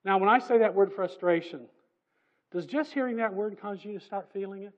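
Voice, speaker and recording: A man preaching a sermon in a church, emphatic and conversational, swinging from loud passages to soft asides. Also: high voice, brisk, lo-fi sound. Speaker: pastor. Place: church sanctuary.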